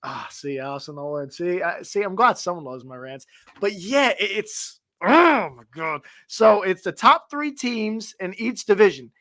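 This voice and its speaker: A young man co-hosting a sports podcast, ranting in an animated way with a voice that climbs higher when he gets fired up. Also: a little slow, no room sound. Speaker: podcast co-host. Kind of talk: casual sports chat.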